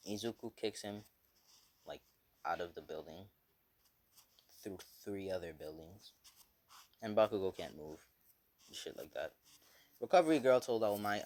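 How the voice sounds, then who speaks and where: A man's voice: low-pitched, animated, measured pace, long pauses, darkish tone. A man casually retelling a fan story, rambling with many fillers and swearing.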